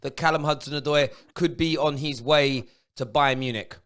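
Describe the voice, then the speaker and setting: A man's voice: on the high side, fairly even intonation, moderate pace. A man hosting a football fan phone-in, ranting and swearing at viewers. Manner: ranting, swearing, shouting at fans. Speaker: football talk show host.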